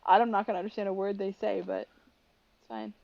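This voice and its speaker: A woman's voice: mid-range voice, sing-song, fairly quick, gravelly, a little mellow, lo-fi sound. A young woman, co-hosting a podcast and arguing bluntly and emphatically. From New Jersey. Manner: blunt and emphatic when disagreeing. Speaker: podcast co-host. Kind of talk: casual chat.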